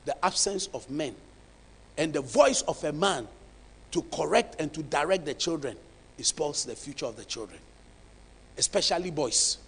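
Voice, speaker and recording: A male pastor preaching a sermon, emphatic and dramatic, swinging from hushed tones to shouts. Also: fairly high pitch, lively intonation, moderate pace, long pauses, breathy edge, in a large hall.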